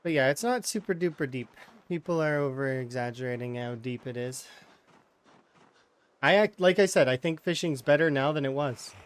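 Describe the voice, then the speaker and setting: A man's voice: medium pitch, normal speed, smooth. A man giving casual, rambling commentary while playing a game, often restarting his words and brushing off complaints. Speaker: streamer.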